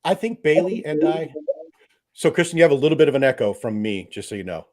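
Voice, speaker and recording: Joking male streamer host, lively pitch. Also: fast. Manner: loud, joking, laughs often. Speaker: livestream host. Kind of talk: casual live stream chat.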